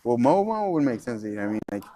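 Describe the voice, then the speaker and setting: Male co-host, mid pitch, relaxed slangy banter on a market stream. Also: brisk. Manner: laid-back banter, says "dude" a lot. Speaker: stock market livestream co-host. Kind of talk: casual market chat.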